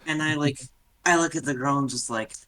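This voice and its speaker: Male player, bright tone, jokey casual play. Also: a little high, brisk. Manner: joking, playing his character loosely.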